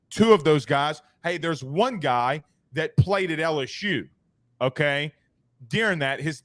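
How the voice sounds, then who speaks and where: A man hosts a sports talk podcast, telling stories animatedly and fast in a casual way, full of slangy asides. His voice sits a little high, and there's no echo.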